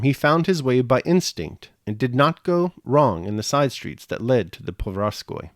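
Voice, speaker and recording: A man reading a classic novel aloud in a measured, even way. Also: mid-range voice, no room sound, studio quality. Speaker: audiobook reader.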